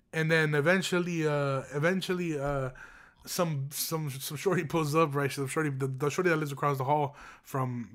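Profane, animated young man telling a story. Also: on the high side. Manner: animated, profane street slang, frequent "bro" and "you feel me". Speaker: property manager. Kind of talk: casual storytelling to viewers.

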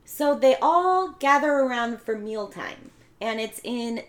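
A woman's voice: fairly high pitch, lively intonation, slow pace. Laid-back woman narrating a film plot. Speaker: podcast co-host. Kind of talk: casual chat recapping a film.

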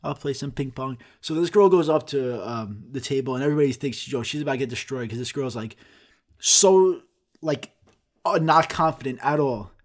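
A man's voice: mid-range voice, expressive, normal speed. A young man telling a rambling, profane comic story in casual chat, throwing in sound effects.

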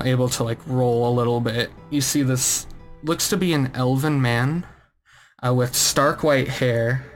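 A man in a relaxed, loose, filler-heavy way, narrating as game master of a tabletop game. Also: medium pitch.

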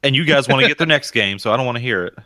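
A man co-hosts a casual podcast, firing off sarcastic quips at a fast clip. His voice is bright and forceful. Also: mid-range voice, no echo, poor audio. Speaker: podcast co-host. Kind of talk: casual chat.

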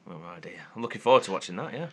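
A man's voice: lowish voice, lively intonation, rapid-fire. A man co-hosting a podcast, dropping dry, teasing one-liners in casual banter. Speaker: podcast co-host.

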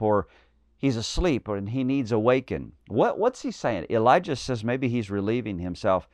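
A man's voice: medium pitch, expressive, moderate pace, a little mellow, no echo. A man preaching a fiery, emphatic sermon, with bold declarations and mocking asides.

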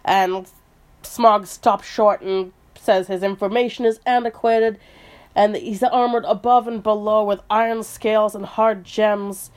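A woman's voice: medium pitch, fairly even intonation, a little slow, darkish tone. Woman co-host, casual book chat, conversational, hedging with fillers. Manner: chatty, hedging with um and uh.

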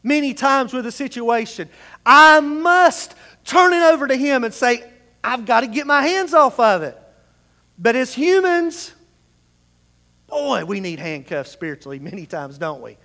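A male pastor preaching a sermon, swinging between hushed passages and raised, emphatic calls. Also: very high-pitched, sing-song, unhurried. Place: church sanctuary. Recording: long hall reverb in a church.

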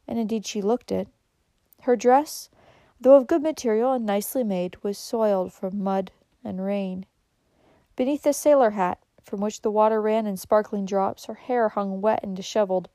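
A woman narrates a story in a gentle, measured reading manner. Her voice is mellow and warm, and the recording is close and dry, with no room sound. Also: medium pitch, no echo.

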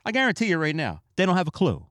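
A middle-aged man hosting a podcast, talking in an animated, emphatic and opinionated casual monologue. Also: on the high side, fast, no echo, clean studio sound. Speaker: podcast host.

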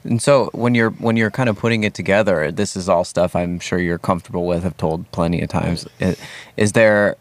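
A man's voice: deep voice, steady tone, brisk, dry recording. A male host asking long, rambling questions in a casual interview. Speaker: podcast host.

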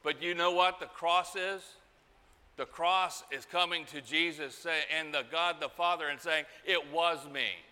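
A middle-aged man preaching a sermon, telling a story slowly and acting out the voices in it. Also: on the high side, fairly even intonation, pushed and bright, clear, resonant tone. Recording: hall reverb.

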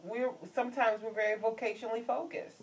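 A woman speaking in an expressive, plainspoken way during a casual group conversation. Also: a little high, a little fast. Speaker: discussion panelist. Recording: distant mic, faint noise.

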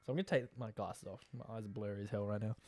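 A man's voice: fairly low pitch, fairly even intonation, very fast, darkish tone, no echo, clean studio sound. A young Australian man hosting a podcast, a tired, rambling and chatty talker full of filler words. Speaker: podcast host. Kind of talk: casual monologue update.

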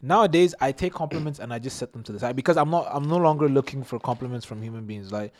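A young man hosting a casual podcast chat, giving emphatic advice with lively bursts. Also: medium pitch, fast talker. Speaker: podcast host.

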